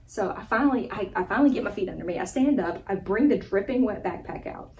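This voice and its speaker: A young woman vlogger telling a funny personal story in a casual, animated way, laughing as she goes. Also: medium pitch, fast, far from the mic, a little hiss or hum, rough recording. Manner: animated, laughing, acts out gestures. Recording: voice a bit off-mic with faint background ambience.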